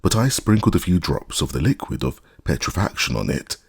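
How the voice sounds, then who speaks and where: A man's voice: sits low, lively intonation, a little fast, creaky, husky, exaggerated voice. A man voicing a boastful old male magician who lectures about his own inventions.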